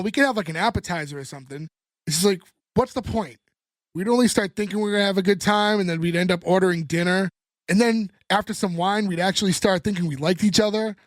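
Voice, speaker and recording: A man co-hosting a podcast, retelling a sitcom episode in a casual, animated way and acting out the characters' lines. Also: high-pitched, no echo, studio quality. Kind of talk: casual chat.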